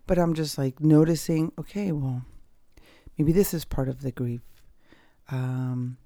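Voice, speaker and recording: A woman hosts her own podcast from home, speaking in a loose, candid and reflective monologue. Her voice has a gravelly, mellow texture, and she often trails off, restarts and fills pauses. The sound is close and dry. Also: low voice, dry recording. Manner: candid, rambling, with frequent fillers and restarts. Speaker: podcast host. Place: at home, dogs nearby.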